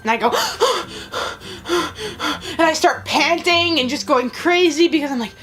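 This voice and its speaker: This woman's voice sits high and is fairly bright, at a normal pace. A vlogger host, she answers viewer questions on her channel in a chatty, storytelling way, dropping "like" often.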